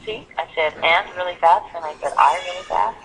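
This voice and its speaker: A woman teaching English pronunciation on a video call, animated and fond of acting out examples. Her voice is bright and clear, heard over a thin, phone-like line. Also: on the low side, brisk. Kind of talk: online English lesson.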